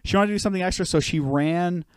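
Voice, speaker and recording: A man's voice: sits high, fast, smooth, no room sound. A man in his thirties from Canada, co-hosting a podcast and telling long rambling stories full of swearing. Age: 30s. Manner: rambling, swears a lot, storytelling. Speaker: podcast co-host. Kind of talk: casual chat.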